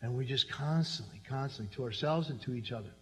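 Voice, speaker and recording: A man's voice: medium pitch, quick pace, fairly bright tone, in a large hall. A middle-aged man pastor preaching a sermon in a church, talking conversationally and turning to the congregation with asides. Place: church sanctuary.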